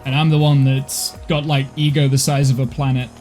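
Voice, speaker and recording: A man's voice: medium pitch, flat delivery, fairly quick, darkish tone, soft background music. A man live-streaming a game from his home office, tired and talking casually, self-deprecating and apologetic, with frequent restarts. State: tired, overheated.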